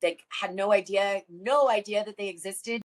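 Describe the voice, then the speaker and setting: Woman, middle pitch, sincere, personal, conversational. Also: normal speed. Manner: earnest, open and emotional. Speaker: guest. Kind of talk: casual conversation.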